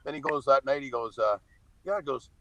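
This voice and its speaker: A middle-aged man talks as a podcast guest, telling stories bluntly and swearing freely. His pitch sits in an ordinary middle range, and he breaks into laughter between his stories. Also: lively intonation, a little fast, bright, forceful tone, no room sound, poor audio. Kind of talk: casual storytelling.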